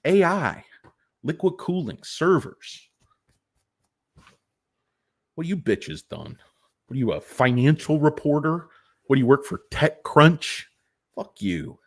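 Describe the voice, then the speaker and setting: A man's voice: fairly high pitch, very animated, slow, long pauses, exaggerated voice. A man voicing a brash, foul-mouthed, boastful male CEO who swears defiantly.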